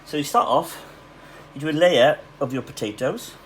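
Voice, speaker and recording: On a rough recording with slight background noise, a fairly high male voice speaks at a moderate pace. He's a Welsh cafe cook demonstrating a recipe at home, keeping the tutorial casual and chatty with fillers and asides.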